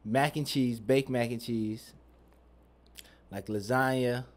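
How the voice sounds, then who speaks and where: A man's voice: medium pitch, fairly even intonation, slow. A young man hosting a podcast, talking in a loose, profane, rambling and joking way. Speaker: podcast host. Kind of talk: casual chat.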